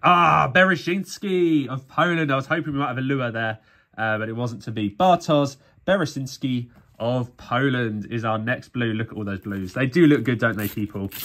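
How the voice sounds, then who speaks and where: Here a sticker-collecting YouTuber from England chats casually with his audience as he rips open packs. His voice is mid-range and fairly bright, his pace moderate, and his mood weary and self-deprecating.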